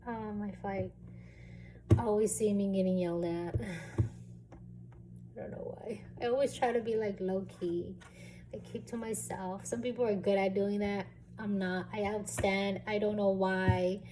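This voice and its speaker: A woman's voice: medium pitch, unhurried, slight background noise. A young woman vlogging about her own experiences in a casual, candid way, with plenty of fillers and the odd swear word. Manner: candid, relaxed, lots of fillers and some swearing. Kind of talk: casual storytelling vlog.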